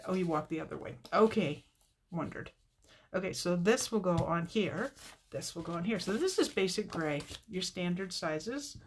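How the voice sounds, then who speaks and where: A woman's voice: on the low side, slight background noise. A woman hosting a casual live card-making tutorial, chatting to viewers by name and laughing often.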